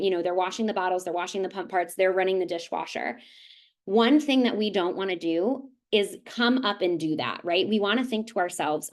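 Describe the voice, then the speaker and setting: A woman presenting a parenting webinar as a nurse, casual and conversational, often checking in with "right?" and acting out little scenes. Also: medium pitch. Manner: conversational, with frequent "right?" tags and animated acted-out asides. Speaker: nurse and lactation consultant presenter.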